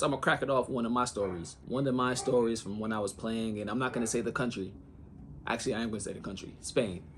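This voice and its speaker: A young American man, a former overseas pro basketball player, telling a story in a relaxed, slangy vlog style full of fillers. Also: medium pitch, a little hiss or hum. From United States.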